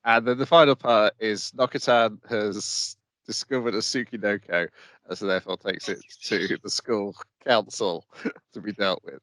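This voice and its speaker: A man's voice: lowish voice, fairly even intonation, moderate pace, a bit bright, dry recording. A man co-hosting an anime podcast, casually summarizing plot points and chuckling as he goes. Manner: laid-back, plot-summarizing, chuckles through his lines. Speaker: podcast co-host. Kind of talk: casual chat recapping an anime.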